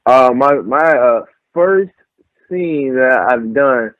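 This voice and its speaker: Young male guest, animated storyteller, dry lo-fi phone-like sound. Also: medium pitch, slow, no room sound. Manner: animated storyteller, acts out quotes. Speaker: pro wrestler, guest. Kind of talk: casual storytelling interview. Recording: tinny phone-like line, dry.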